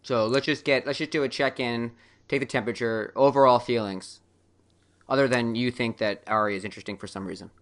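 A man's voice: mid-range voice, fairly even intonation, fairly quick, a bit bright. A man co-hosting a casual podcast chat, rambling and joking with many fillers. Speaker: podcast co-host.

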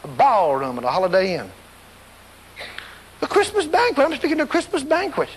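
Man, preacher, storytelling sermon, very lively pitch, long hall echo, faint noise. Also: a little fast. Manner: animated, acts out scenes and voices, laughs along.

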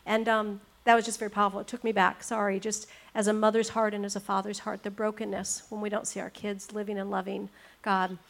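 A woman hosts a faith conversation with a flat, even delivery. She affirms her guest and moves things along with questions. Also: medium pitch, a little fast, vocal fry, few pauses. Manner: warmly affirming, says amen. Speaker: host. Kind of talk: casual chat.

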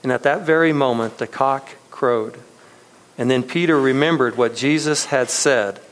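A man's voice: mid-range voice, moderate pace, poor audio. A man in his thirties preaching a sermon as pastor, talking in a loose, conversational way with many fillers and restarts, and chuckling often. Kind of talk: casual sermon.

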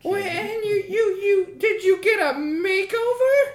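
A woman's voice: very high-pitched, lively intonation, measured pace, pitched above the performer's own voice. A woman voicing a fussy, flustered male office boss who stammers in a panic. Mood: baffled. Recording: roomy echo.

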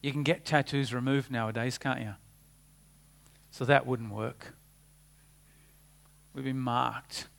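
A man preaching a sermon, earnest, rising for emphasis and dropping to a hushed tone. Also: medium pitch, fairly even intonation, slow, gravelly, pauses often.

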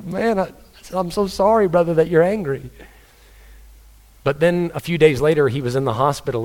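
A male pastor preaches in an earnest, conversational way. His voice sits at an ordinary middle pitch. He tells stories and speaks to the congregation directly. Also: darkish tone. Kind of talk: sermon.

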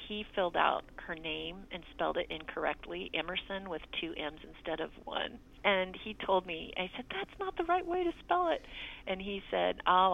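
A woman's voice: fairly low pitch, creaky, fairly bright tone, dull audio. A middle-aged woman, a mother, telling her grown child a personal story in an earnest way and acting out the quoted dialogue. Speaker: mother recounting a birth story.

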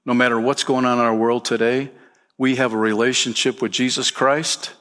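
A man's voice: mid-range voice, level tone, normal speed, fairly bright tone. Emphatic male pastor preaching. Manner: emphatic preaching, rising for key points; addresses listeners as "man" and "friend". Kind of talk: sermon.

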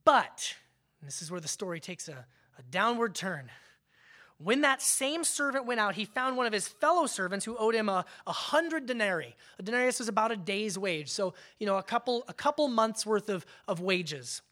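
A pastor preaches conversationally in a high-sitting, animated voice at a moderate pace. He swells emphatically, then drops to a hush, and often repeats words when restarting a phrase.

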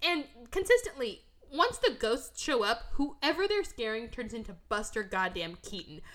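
A woman hosting a podcast, recapping a movie in animated, profane casual chat and tossing in quick mock voices. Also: fairly high pitch, slight background noise. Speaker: podcast host.

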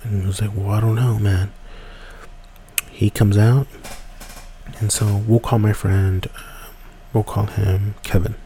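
A man casually telling a spooky woods story, rambling and dropping to hushed whispers at tense moments. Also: on the low side, unhurried, pauses often, slight background noise. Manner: relaxed, rambling, drops to hushed whispers for tension. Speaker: podcast storyteller.

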